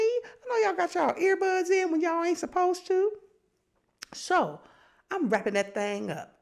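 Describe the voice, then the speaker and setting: A woman hosting a casual podcast, talking in an animated, sassy way and laughing often. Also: very high-pitched, unhurried, gravelly. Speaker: podcast host. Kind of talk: casual chat.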